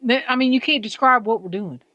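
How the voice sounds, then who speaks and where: A woman's voice: fairly high pitch, a little fast, bright, forceful tone, no room sound, lo-fi sound. A woman with a Southern US accent vlogging casually from a mountain summit, chatty and self-deprecating, filmed on a handheld phone. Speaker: hiker and vlogger. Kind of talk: casual trail vlog.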